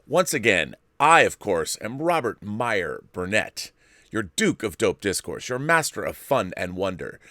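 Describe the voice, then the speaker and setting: A middle-aged man hosts his own livestream, talking casually with playful, grandiose flourishes and rambling tangents. His voice sits low, and the sound is dry and close to the mic. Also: sing-song, unhurried, pushed and bright, no room sound. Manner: playful, grandiose self-introductions, rambling asides. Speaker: show host. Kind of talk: casual solo livestream chat.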